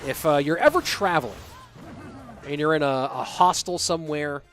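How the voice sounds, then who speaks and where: With a fairly high, fairly bright voice at normal speed, a young man casts an esports tournament on his own from his home office. Faint music plays behind him as he rambles, chats with viewers between matches, and reads out their messages.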